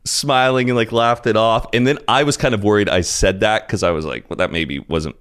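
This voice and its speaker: A young man chats as a podcast guest, his voice slightly low. He rambles through his stories in a loose, laid-back way, full of casual fillers. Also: a little fast, a bit bright, clear, resonant tone. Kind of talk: casual storytelling.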